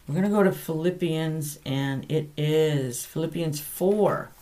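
A woman's voice: sits low, measured pace, noisy background. A woman hosting a podcast, giving an earnest, conversational Bible teaching and correcting herself aloud as she goes.

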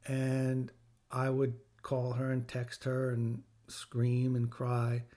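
Man, middle-aged, podcast host, earnest and heartfelt, repeats phrases for emphasis, slow deliberate delivery. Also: medium pitch, completely flat delivery, dark tone. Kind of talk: personal reflective talk with faith teaching.

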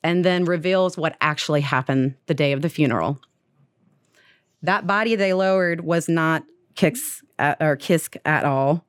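A woman's voice: sits low, a little slow, smooth, no echo, studio quality. A young woman casually retelling a story on a podcast, full of "like" and acted-out quotes.

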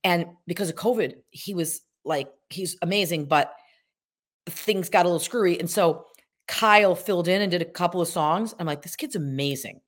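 A woman in her sixties from upstate New York, a guest actress telling stories in a chatty, animated way on a podcast. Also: lowish voice, moderate pace. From Syracuse, New York. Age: 60s. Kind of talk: casual podcast chat.

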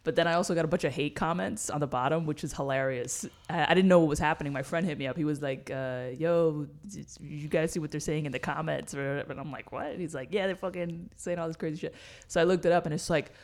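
A New York City woman co-hosts a podcast, telling stories in a blunt, casual chat and swearing freely. Her voice sits low, and she talks fast with hardly any pauses.

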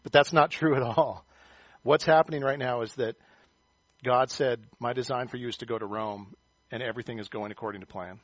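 A male pastor giving a conversational sermon, joking about himself and animated as he reads and explains scripture. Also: mid-range voice, brisk, dry recording. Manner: conversational, animated, self-deprecating humor. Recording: dull, slightly muffled, dry sound.

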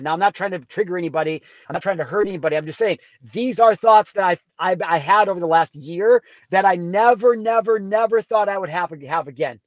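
A man's voice: high-pitched, a little mellow, no echo. A man hosting his own podcast in a raw confessional monologue, blunt, profane and fired up, from a rural farm background. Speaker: podcast host. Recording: dull dry sound.

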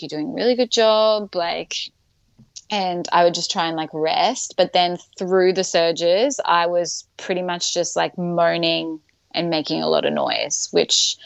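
Gravel-edged woman telling her birth story. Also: on the low side, flat delivery, unhurried, a bit bright, no echo. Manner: chatty, many fillers, laughs often. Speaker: guest.

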